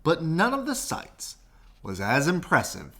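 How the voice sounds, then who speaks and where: A man reads a children's picture book aloud at an unhurried pace. His voice climbs and dips in a lively sing-song. He sounds like a bedtime story reader. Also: a little high, slightly rough. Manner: slow, expressive, sing-song rises and falls.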